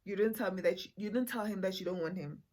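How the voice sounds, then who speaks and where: Mocking aunt, probing and drawn-out; young woman playing her. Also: mid-range voice, a little mellow, lightly acted. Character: teasing, skeptical middle-aged aunt.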